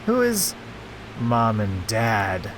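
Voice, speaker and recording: A man voicing a frightened young girl in a game, speaking in a high, strained voice. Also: huge pitch swings, very slow, noisy background, full character voice. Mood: confused. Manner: high squeaky pitch, near-shouting.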